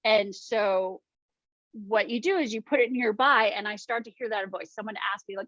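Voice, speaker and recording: A woman's voice: medium pitch, fairly even intonation, normal speed, fairly bright tone, dry recording. A woman life coach leading a small workshop in a chatty, casual way, with many ums and little acted-out quotes. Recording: dull lo-fi dry sound.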